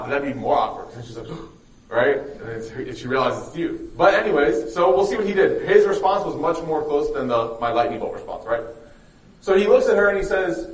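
A man's voice: a little high, animated, moderate pace, long pauses. A man telling a religious story to a live audience, joking and quizzing them as he goes, heard in an echoey room from a distant mic. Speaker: youth speaker.

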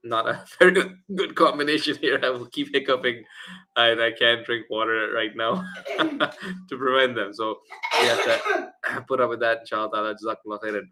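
Male lecturer, sore throat, hesitant delivery with throat clearing, sharp bright tone, mid pitch. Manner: halting, frequent fillers and throat clearing. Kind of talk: religious lecture. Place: mosque lecture room.

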